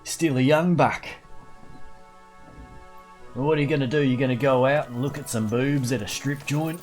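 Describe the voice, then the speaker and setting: A man's voice: medium pitch, fairly even intonation, quick pace, a little mellow, faint music behind. A young Australian man streaming a video game, chatting casually in a rowdy, jokey way with plenty of swearing and doting talk to an in-game dog. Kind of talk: casual gameplay commentary.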